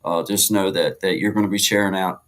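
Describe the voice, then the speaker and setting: Bright-voiced folksy man co-hosting a stream. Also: deep voice, fairly even intonation, a little fast, rough recording. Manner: folksy, rambling, gives shout-outs to viewers. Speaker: co-host of a live music and talk stream. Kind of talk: casual live-stream chat.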